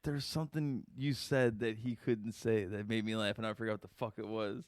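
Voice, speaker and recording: Podcast guest, man, middle-pitched voice, wisecracking casual chat, dry close sound. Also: fairly even intonation, a little fast, no room sound. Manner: wisecracking, forgetful.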